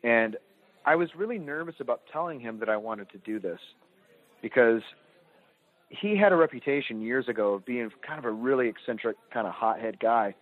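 A man's voice: mid-range voice, animated, moderate pace, no room sound. A man tells a story in an easy, candid way, playing down his own part in it. He is a filmmaker speaking as a guest on a podcast. His voice comes through a thin, phone-like line. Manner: candid, self-deprecating storytelling. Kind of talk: casual podcast chat.

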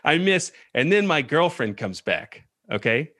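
A man hosting a podcast, telling a self-mocking comedic story in an animated way with quick restarts. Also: a little high, dry recording, clean studio sound. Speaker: podcast host.

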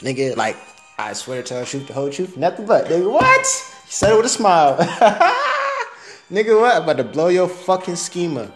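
A man's voice: medium pitch, a little mellow. A young man rambling through a casual, profane audio diary, laughing at his own jokes.

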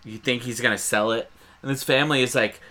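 A man's voice: medium pitch, fairly even intonation, fast talker, sharp tone. A man co-hosting a podcast, casually chatting and swearing as he rambles through a movie retelling. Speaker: podcast co-host. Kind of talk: casual chat.

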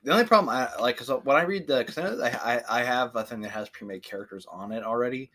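A male podcast co-host chatting casually, often restarting and filling pauses as he thinks. He talks at a middle pitch with a bright, crisp tone. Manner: halting, filler-heavy speech. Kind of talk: casual chat.

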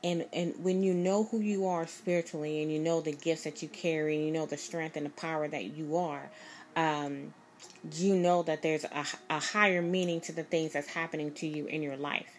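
A woman's voice: low voice, fairly even intonation, normal speed, slight background noise. A woman telling a personal story in a casual, rambling, emphatic way, repeating herself as she goes. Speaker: vlogger.

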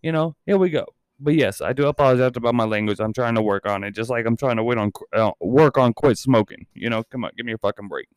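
A man in his thirties rambles through a casual podcast chat, cursing freely as he goes. His voice is smooth and resonant, recorded close and dry with no room sound. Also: medium pitch, fast, hardly any pauses, dry recording. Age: 30s. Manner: rambling and heavily profane. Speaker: podcast and channel host.

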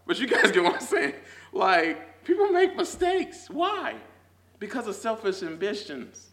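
A man's voice: sits high, big pitch swings, measured pace. A young man teaching a casual Sunday school Bible lesson, talking in slang with lots of "like"s and growing fervent as he goes. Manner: fervent, builds to near shouting, laughs often; casual slangy talk with many "like"s. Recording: echoey room.

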